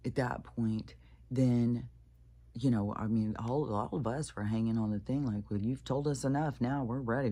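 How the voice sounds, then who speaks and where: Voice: medium pitch, warm tone, breathy edge. A spiritual vlogger ranting in a loose, rambling monologue, swearing often and restarting sentences, with laughs between sentences. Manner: profane, ranting, full of fillers and restarts.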